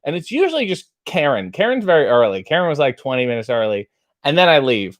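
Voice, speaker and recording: Playful guy hosting a late night stream, kinda high voice, hammy and chatty. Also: sing-song, quick pace. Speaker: late-night show host. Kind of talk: casual livestream chat. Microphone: webcam setup.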